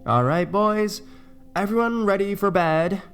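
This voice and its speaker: A playful young woman friend in a storybook reading, pitched a bit higher than her narrator, as a man puts her on. She jokes lightly but sometimes hesitates. Faint music hums behind. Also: lively intonation, measured pace.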